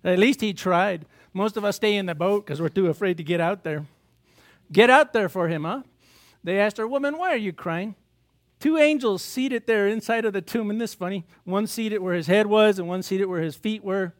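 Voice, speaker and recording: A male pastor delivers a sermon in a fairly high voice. He talks to his congregation casually, tossing out rhetorical questions and breaking into little acted bits of biblical dialogue. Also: moderate pace.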